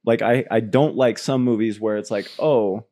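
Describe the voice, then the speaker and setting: A man co-hosting a podcast in casual chat, telling stories in an animated, profane way. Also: fairly low pitch, normal speed. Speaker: podcast co-host.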